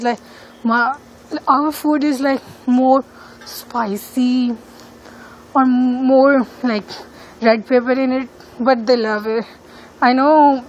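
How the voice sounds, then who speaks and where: Hesitant non-native woman, slow and high. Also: slight background noise, low-quality recording. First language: not English. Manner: hesitant, many fillers and restarts. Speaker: student. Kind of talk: casual walking-tour vlog. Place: outdoors in an apartment neighborhood.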